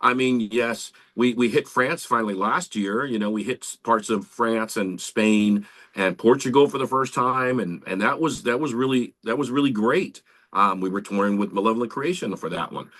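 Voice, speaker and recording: A man chats on a podcast with a bright, forceful voice. He talks in an animated, casual way and swears freely. His pitch sits mid-range for a man. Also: normal speed, few pauses. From Central Florida, US. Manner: animated, swearing, lively storytelling. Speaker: podcast co-host, band member.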